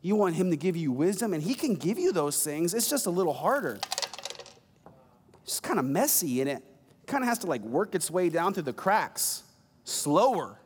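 Pastor, male, high voice, casual jokey sermon, reverberant hall. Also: very animated, normal speed, breathy edge. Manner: conversational, joking asides.

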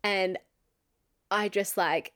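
A woman's voice: mid-range voice, fairly even intonation, extremely slow, a bit bright. Aussie girl in her 20s ranting a storytime, says like a lot, swears heaps. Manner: candid, swears often, many "like" fillers. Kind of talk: casual storytime.

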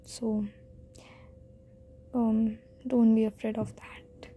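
A woman's voice: fairly high pitch, little pitch movement, extremely slow, mellow, slightly rough. A teenage girl with an Indian accent hosting her own podcast, talking shyly and self-deprecatingly, rambling with many restarts. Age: teens. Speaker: podcast host. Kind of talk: casual solo podcast monologue.

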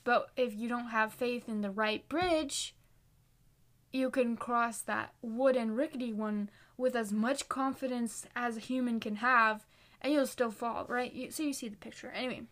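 A young woman in her late teens, chatting earnestly and casually about faith and reading scripture, with lots of "like" fillers and quick self-corrections. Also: fairly high pitch, fairly even intonation, fairly bright tone. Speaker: faith encouragement vlogger.

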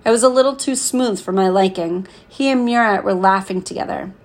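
A woman narrating a novel chapter as an audiobook, with a gravelly edge and voicing the dialogue herself. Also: mid-range voice, brisk. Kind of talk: scripted narration.

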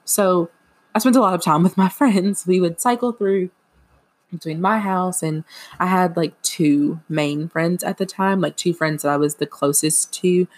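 Young woman w a low voice rambling on her podcast, lots of likes, kinda self-mocking. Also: a little slow. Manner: rambling, filler-heavy, self-deprecating. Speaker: podcast host. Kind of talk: casual confessional chat.

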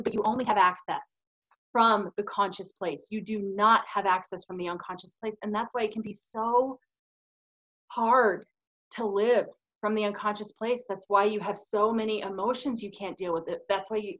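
A woman's voice: mid-range voice, fairly bright tone. A woman co-hosting a spiritual podcast, talking earnestly and emphatically in casual chat with many "you know"s. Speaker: podcast co-host. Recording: slightly dull lo-fi audio.

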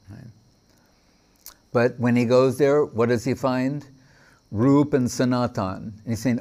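A man's voice: medium pitch, steady tone, slow pace, creaky, pauses often, a little mellow. A man giving a devotional lecture, telling stories with quoted dialogue and frequent fillers. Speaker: spiritual teacher.

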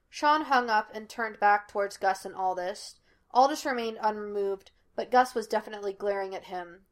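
Lady reading a fanfic podfic, mid pitch, shifts a bit for each character. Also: fairly even intonation, measured pace. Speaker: podfic reader. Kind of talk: fan fiction audiobook narration.

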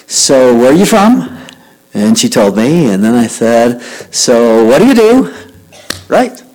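A man's voice: mid-range voice, poor audio. A man from Utah telling a story to young people, acting out both sides of a conversation. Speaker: youth speaker. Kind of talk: storytelling talk to youth.

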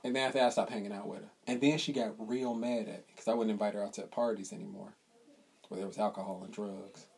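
A young man co-hosting a podcast, telling a profane, animated story in casual chat and acting out the people in it. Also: on the low side, fast, slightly rough. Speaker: podcast co-host.

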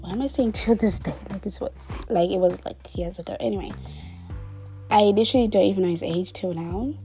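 A woman's voice: medium pitch, a little fast, dark tone, soft background music. A woman in her twenties telling a storytime in a chatty, dramatic way, dropping into whispered asides. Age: 20s. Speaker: vlogger. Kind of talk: casual storytime monologue.

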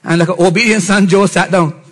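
A middle-aged man, a pastor, preaching a sermon and often rising to shouted emphasis with mocking put-on voices. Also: sits high, steady tone, fairly quick, poor audio.

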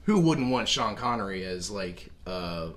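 A man's voice: fairly low pitch, expressive, a little slow, fairly bright tone. A man co-hosting a casual movie discussion, talking in a rambling way with lots of fillers. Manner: rambling, filler-heavy, enthusiastic. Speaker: podcast co-host.

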